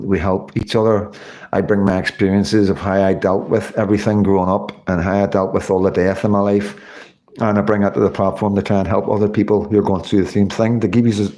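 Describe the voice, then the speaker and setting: Casting: male streamer, lowish voice, worn out, chatty, thanks everyone by name. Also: darkish tone. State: tired. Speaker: livestream host. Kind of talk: casual livestream sign-off.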